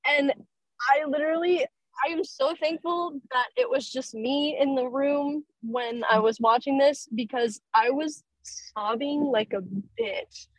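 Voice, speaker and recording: A young woman in a casual chat, recounting an episode in an emotional, unhurried way. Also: high voice, steady tone, dry recording, low-quality recording. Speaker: podcast guest.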